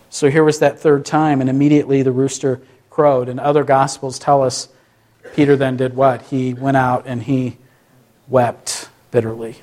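A man's voice: mid-range voice, level tone, normal speed, a little mellow. A man, a pastor, preaching a sermon with many questions to the listeners and short acted-out quotes.

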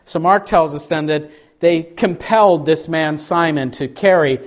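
A man's voice: fairly high pitch, a little slow. A man preaching a sermon, speaking earnestly and reading scripture with dramatic emphasis.

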